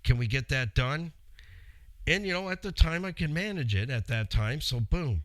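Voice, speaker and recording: A middle-aged radio show host tells a long story in a rambling, chatty way, talking straight to his listeners. His mid-range voice is animated at a moderate pace, with no echo.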